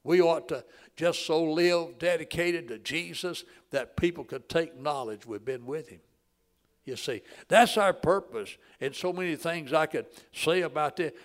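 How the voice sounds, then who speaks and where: A man, preaching a sermon in a folksy storytelling way that swells loud and drops to a hush. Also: on the high side, a little slow. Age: 80s.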